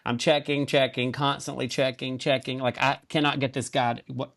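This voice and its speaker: A man with a Southern US accent, a podcast guest telling stories in a lively, comic way. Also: mid-range voice, moderate pace, gravelly. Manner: animated, comic storyteller. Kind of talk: casual podcast storytelling.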